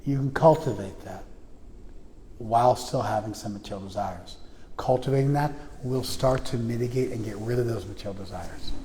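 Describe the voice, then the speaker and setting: A man giving a spiritual lecture to a class, animated, swinging between quiet and loud, often checking in with "you follow?". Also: medium pitch, long reverb tail, a little hiss or hum. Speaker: spiritual teacher. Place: class room in a temple.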